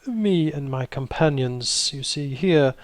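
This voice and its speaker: A man's voice: fairly high pitch, animated, no echo. Man playing a formal, self-assured wizard. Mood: formal, courtly. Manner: formal, theatrical bowing speech with slow emphasis.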